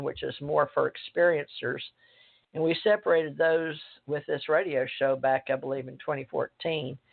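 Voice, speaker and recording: A woman hosting a radio show, talking in a rambling, hesitant way with many pauses. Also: rumbling low, creaky. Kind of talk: casual radio talk. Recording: tinny phone line.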